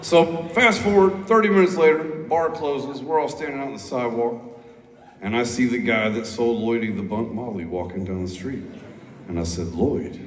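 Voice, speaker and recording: A man's voice: medium pitch, normal speed. A man on stage telling a long, rambling, profane story between songs, laid-back and loose. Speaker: musician on stage. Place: large concert hall indoors. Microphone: stage PA recorded by audience phone. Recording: echoey hall, crowd noise, far off.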